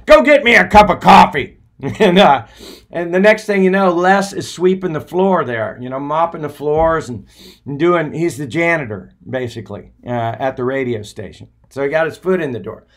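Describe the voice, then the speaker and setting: A man's voice: a little high, normal speed. A man hosts a talk show and tells a story in a loose, rambling monologue. He often stops to hesitate before picking the thread back up. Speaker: podcast host.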